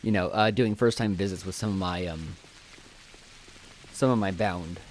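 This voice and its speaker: A man's voice: sits low, moderate pace, a little hiss or hum. Chatty man streaming a game. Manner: chatty, jokey, thinks aloud while playing. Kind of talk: casual live game commentary.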